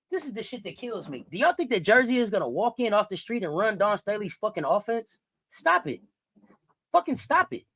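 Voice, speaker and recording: A woman's voice: mid-range voice, no echo. A woman hosting a sports talk stream, ranting heatedly to her viewers with lots of swearing and repeated phrases. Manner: profane, heated, repetitive ranting; addresses viewers directly and often. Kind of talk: live-chat sports rant.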